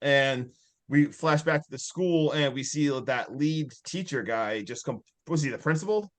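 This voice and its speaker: A man co-hosting a casual podcast, retelling a movie scene by scene. His voice sits a bit high for a man. He rambles, stacks fillers and breaks into laughs as he goes. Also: unhurried. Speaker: podcast co-host.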